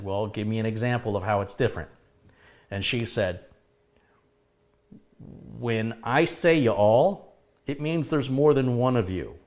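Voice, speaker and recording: A chatty middle-aged man hosts a live stream and reads out viewer messages. His voice sits a bit low, and he answers each message in a loose, conversational way. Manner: chatty, laughs at his own remarks. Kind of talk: casual live chat, reading viewer comments.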